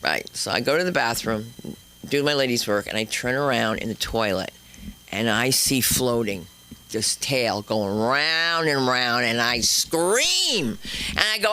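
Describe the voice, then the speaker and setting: A woman doing a stand-up comedy set and hosting the night, chatty and brash, jumping into loud high bits. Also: very animated, moderate pace. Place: comedy club stage.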